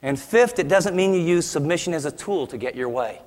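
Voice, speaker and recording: A man's voice: a little high, animated, a little fast, a little mellow, long reverb tail. A man preaching a sermon as pastor, emphatic and with humorous asides.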